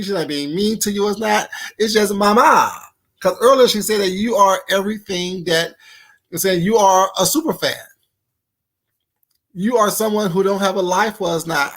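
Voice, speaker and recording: Bright, animated commentator calling everyone baby. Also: mid-range voice. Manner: animated, calls listeners baby and honey. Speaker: reaction commentator. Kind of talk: casual commentary.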